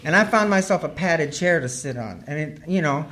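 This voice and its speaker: A woman's voice: low-pitched, animated, normal speed, a bit bright. A woman sharing her recovery story as humorous personal storytelling, earthy and wry, laughing as she goes.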